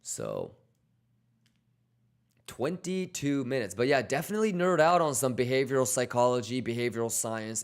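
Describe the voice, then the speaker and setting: A man hosting a live trading stream who speaks in a mid-range voice. His talk is loose and unscripted, blunt and full of swearing. He coaches his viewers in a motivational tone and answers chat questions as they come in. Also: medium pitch. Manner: blunt, profane, motivational, reads chat aloud. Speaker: trading livestream host. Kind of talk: casual livestream chat.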